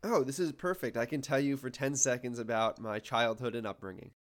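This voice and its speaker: A man's voice: medium pitch, brisk. A man in his twenties, a podcast co-host, explaining his research in a casual, wry, self-deprecating way. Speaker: podcast co-host, planetary science grad student.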